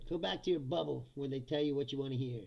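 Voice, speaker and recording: A man's voice: medium pitch, fast talker, gravelly, warm tone, highs cut off. A man hosting a live-stream, talking in a blunt, profane, ranting way and often laughing between remarks. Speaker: live-stream commentary host.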